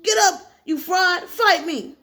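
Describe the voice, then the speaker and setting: A woman reading aloud and voicing an angry, belligerent male supervillain who shouts and taunts. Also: very high voice, slow, voice pushed up, full character voice. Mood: furious.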